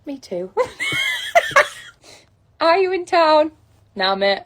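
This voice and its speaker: A woman reading funny posts and signs aloud, breaking into high wheezing laughter between lines. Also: slow, pauses often. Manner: reads lines deadpan then cracks up. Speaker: comedy video creator.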